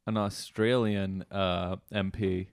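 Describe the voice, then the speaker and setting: A man's voice: low voice, level tone, slow, no room sound, studio quality. A man hosting a casual comedy podcast, running the segments and laughing often. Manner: laughing, leads the bits. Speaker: podcast host.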